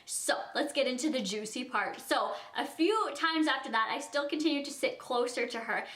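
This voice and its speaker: A woman's voice: high-pitched, expressive, moderate pace, a bit bright. A young woman telling a casual storytime vlog, chatty and full of fillers, often breaking into giggly asides. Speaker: vlogger. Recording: echoey room.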